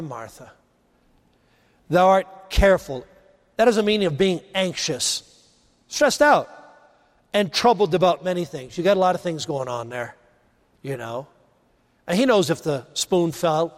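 A man preaching a sermon, rising to emphasize points and dropping low and quiet on key phrases. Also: normal speed, long pauses, in a large hall.

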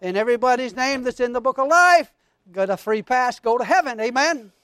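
A man preaching a sermon as pastor, fervent and calling out to his congregation, reading scripture with rising excitement. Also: extremely high pitch, a little fast, smooth, no room sound.

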